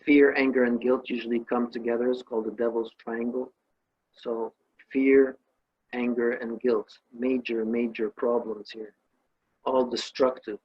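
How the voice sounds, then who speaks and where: A man's voice: medium pitch, little pitch movement, measured pace, slightly rough, muffled recording. A man giving an emphatic spiritual talk, telling a parable and listing emotions with rising force. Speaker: spiritual teacher.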